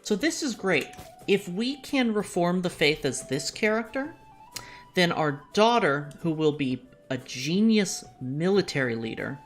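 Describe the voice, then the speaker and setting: Lady streamer w a deep-ish voice rambling thru her game moves, pokes fun at herself. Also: big pitch swings, measured pace, soft background music. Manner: chatty, thinks out loud while playing; self-deprecating, jokey asides. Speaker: VTuber streamer. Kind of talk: live game-stream commentary.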